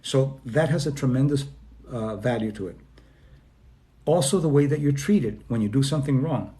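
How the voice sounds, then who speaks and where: This Spanish man gives an informal talk on self-esteem to an online audience, his mid-range voice expressive and mellow. He often acts out the people he quotes with quick changes of voice, and his speech is full of fillers and restarts.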